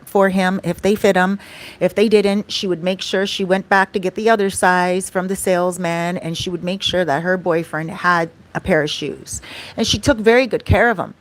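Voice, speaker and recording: Woman vlogger, casual storytime, a touch low-pitched, chatty. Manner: chatty, often asks "right?" and says "like".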